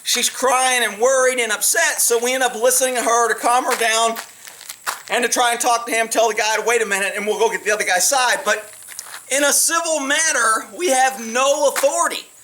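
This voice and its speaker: A middle-aged man, a police officer, telling stories in a blunt, profane, animated way. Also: extremely high pitch, brisk, far from the mic, a little hiss or hum. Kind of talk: casual storytelling monologue.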